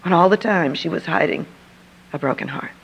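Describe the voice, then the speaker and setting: A woman's voice: lowish voice, brisk, breathy edge. An older woman, a Christian speaker, telling a personal story and acting out the dialogue in a lo-fi archive recording. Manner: vivid storyteller who acts out dialogue.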